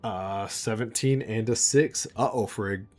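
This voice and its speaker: Guy gm narrating a tabletop game, lowish voice, lots of uhs and little laughs. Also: measured pace, darkish tone, soft background music. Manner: loose, filler-heavy narration with frequent chuckles. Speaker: game master.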